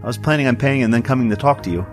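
A man's voice: mid-range voice, racing, soft background music, voice pushed up, close to an everyday voice. A man playing a nervous male sheriff who covers with forced cheer and bluster, in a storybook reading. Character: nervous bluffing male sheriff, middle-aged.

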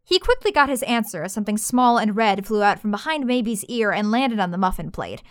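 A woman's voice: medium pitch, a little fast, dry recording. Woman reading a story, dry close sound. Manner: lively, expressive reading. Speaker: narrator. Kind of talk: storybook narration.

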